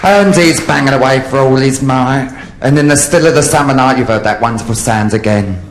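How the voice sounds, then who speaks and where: A man in drag, telling bawdy stand-up jokes on a theatre stage with brash, lively delivery. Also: mid-range voice, fairly quick, hardly any pauses. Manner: brash, lively storytelling with sudden loud outbursts. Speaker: drag comedian. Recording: live theatre audience, faint hiss.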